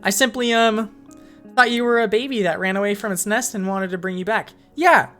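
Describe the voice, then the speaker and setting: A woman's voice: mid-range voice, fairly quick, a bit bright, faint music behind, voice pushed up, close to an everyday voice. A woman voicing a flustered, huffy tsundere female dinosaur monster girl in a read-aloud fanfic.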